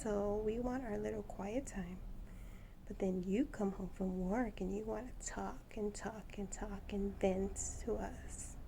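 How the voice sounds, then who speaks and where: Woman vlogger, casual chat to her birds, unhurried and mellow, affectionate teasing tone. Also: mid-range voice, fairly even intonation, creaky, a little hiss or hum. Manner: doting, teasing baby talk. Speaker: pet bird vlogger. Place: at home.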